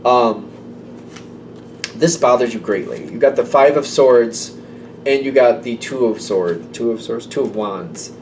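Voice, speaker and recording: A man gives a casual tarot reading, talking loosely and by feel, with lots of "like" and "um". His pitch sits in a middle range. He is set back a little from the mic, with a faint low rumble behind him. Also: unhurried, a little mellow, far from the mic. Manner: rambling and intuitive, full of "like" and "um". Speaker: tarot reader.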